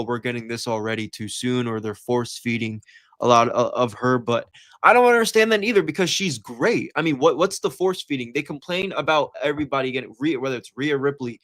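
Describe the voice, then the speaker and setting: A man's voice: mid-range voice, fairly quick, a bit bright, dry recording, clean studio sound. A man co-hosting a casual podcast, hesitant and often trailing into "I don't know". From USA. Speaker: co-host. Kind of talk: casual wrestling podcast chat.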